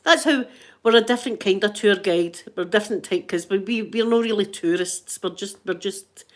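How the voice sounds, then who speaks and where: A woman's voice: medium pitch, normal speed. Chatty Scottish woman, rambling and laughing. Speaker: vlogger. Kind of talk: casual chat.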